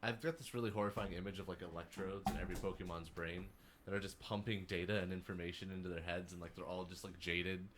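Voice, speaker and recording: Low-voiced man in casual podcast chat. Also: fast, music in the background. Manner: animated, darkly joking rambles. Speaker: podcast co-host.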